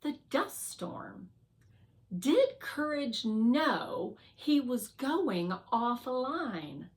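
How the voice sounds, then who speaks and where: A woman voicing a patient, thoughtful rover robot in a calm, gentle, measured way. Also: sits high, voice pushed up, exaggerated voice.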